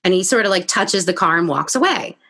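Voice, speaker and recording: A woman hosting a podcast interview, telling a story in a lively conversational way and acting out her own reactions. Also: fairly low pitch, fairly quick. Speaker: podcast host.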